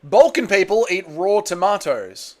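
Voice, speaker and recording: Unhurried and high-pitched, with lively intonation, a man hosts a casual stream watching fights along with viewers. Between chat messages he reads out, he curses freely, his relaxed, foul-mouthed commentary punctuated by shouts at the big moments.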